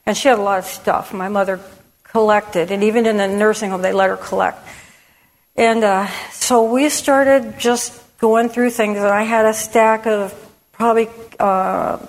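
A woman's voice: mid-range voice, steady tone, measured pace. A middle-aged woman giving a candid personal testimony to a church audience, conversational and frank, with many restarts. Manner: candid, conversational, with frequent restarts and "you know". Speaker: women's ministry speaker. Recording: long hall reverb.

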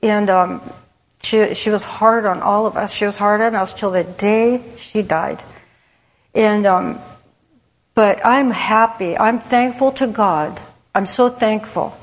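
A middle-aged woman giving a candid personal testimony to a church audience, conversational and frank, with many restarts. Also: mid-range voice. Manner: candid, conversational, with frequent restarts and "you know". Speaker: women's ministry speaker. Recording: long hall reverb.

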